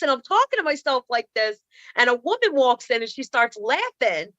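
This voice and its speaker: A woman in her thirties tells funny, self-mocking stories over a video call, full of sassy playful asides. Her voice sits high and bright, leaping up and down in pitch. The sound is dry and a little dull, like a laptop mic. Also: big pitch swings, normal speed, no room sound. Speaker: comedian and speaker. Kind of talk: comedic storytelling on a video call. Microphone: computer mic on a video call.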